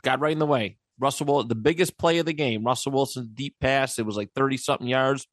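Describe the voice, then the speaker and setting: A man's voice: medium pitch, quick pace, no room sound, studio quality. A man co-hosting a sports podcast, telling stories in a rambling, profane way. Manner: rambling, profane storytelling with restarts. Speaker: podcast co-host. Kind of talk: casual sports chat.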